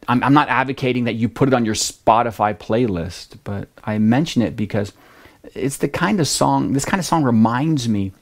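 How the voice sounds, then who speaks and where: Middle-aged male pastor, casual storytelling sermon, medium voice, gets animated in the tense bits. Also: medium pitch. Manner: conversational storytelling, lively at dramatic moments.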